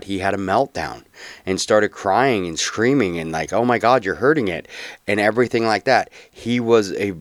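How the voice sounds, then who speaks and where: Low-voiced chatty man. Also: dry recording, studio quality. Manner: loose and chatty, with many ums and restarts. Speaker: podcast host. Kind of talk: casual podcast narration.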